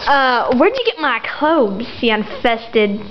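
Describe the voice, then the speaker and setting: A teenage girl in a homemade comedy skit, excitable and bossy as she questions an intruder. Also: a little high, takes it slowly. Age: teens. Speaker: homeowner interviewing the hobo. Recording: muffled home video with loud hiss.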